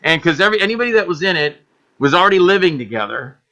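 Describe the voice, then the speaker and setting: A man chatting casually in an interview, telling animated stories about making films, acting out quotes and swearing freely. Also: sits high, rapid-fire, crowd noise. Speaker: guest filmmaker.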